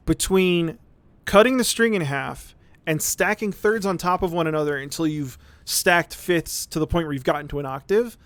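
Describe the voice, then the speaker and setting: A man's voice: on the high side, fairly bright tone, no room sound. A male streamer explaining music theory in a rambling, casual way while playing a game, often checking in with "right?". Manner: rambling, repeats words, says "right?" often.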